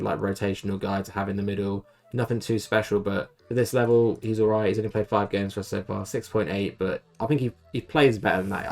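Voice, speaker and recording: A man's voice: on the low side, darkish tone. A young man giving casual, rambling and self-deprecating commentary on his football management game save. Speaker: gaming YouTuber.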